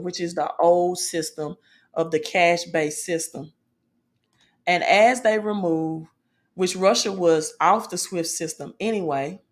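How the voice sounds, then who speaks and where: Female finance vlogger, lowish voice, emphatic and informal, peppers lines with "right?". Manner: emphatic, asks "right?" often, informal grammar. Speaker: finance video host. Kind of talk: casual finance commentary.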